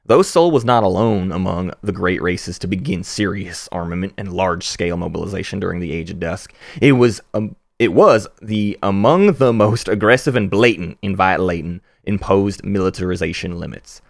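A man putting on an American Southern accent to voice a male spokesman of a rebel human federation, reading game lore aloud in a measured storytelling delivery. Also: low voice, creaky, no echo, studio quality. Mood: grandiose.

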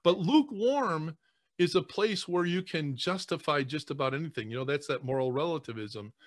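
A man, a priest, speaking earnestly on a podcast, often halting and repeating words as he chokes back tears. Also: fairly high pitch, no echo, studio quality. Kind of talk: emotional podcast conversation.

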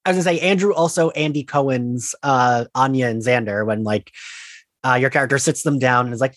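A man's voice: medium pitch, fairly quick, dry recording. A man hosting a podcast, chatting casually and laughing often. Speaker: podcast host. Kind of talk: casual chat.

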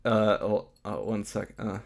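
A man's voice: lowish voice, fairly even intonation, measured pace, gravelly. A man co-hosting a comedy podcast, reading forum posts aloud and joking, laughing often. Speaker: podcast co-host.

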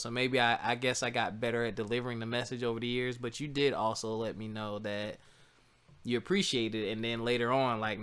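Bright, smooth-voiced man telling a story. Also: mid-range voice. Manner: animated, laughs often, talks to listeners as y'all. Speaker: co-host telling a couple's story. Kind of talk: casual storytelling chat.

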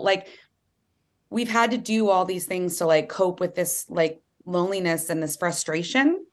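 A woman author being interviewed, talking earnestly and animatedly and acting out quotes in lively voices. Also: fairly low pitch, normal speed. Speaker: author and guest. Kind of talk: candid interview conversation.

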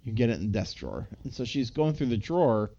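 A man's voice: mid-range voice, sing-song, quick pace, dark tone. A man casually recapping a movie plot as a podcast co-host, rambling with lots of filler words. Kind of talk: casual chat. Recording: slightly dull lo-fi audio.

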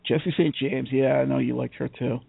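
A man's voice: medium pitch, fairly even intonation, moderate pace, creaky, husky, no echo, narrow, tinny audio. A man chatting casually as a podcast co-host, rambling and laughing often. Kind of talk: casual chat.

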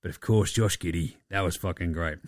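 A man's voice: sits low, fairly quick, darkish tone, dry recording, studio quality. A young Australian man hosting a casual sports podcast, blunt and laid-back, swearing freely. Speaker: podcast host.

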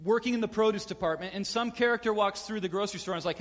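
A man preaches in a high, bright-edged voice, telling the story with lively energy and playing out each quote. His words ring with the long reverb of a large hall. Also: racing. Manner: animated storyteller acting out quotes. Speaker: pastor. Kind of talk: sermon.

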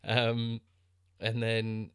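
Co-hosting a podcast, a man chats casually about a film, rambling with plenty of restarts and fillers. His fairly low voice is completely flat and very slow, with a fairly bright, clear, resonant tone. The recording is dry and studio quality.

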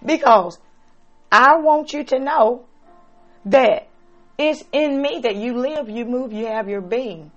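A woman preaching a sermon, slow and dramatic, swinging between loud emphatic lines and soft, hushed ones. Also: fairly high pitch, muffled recording, soft background music.

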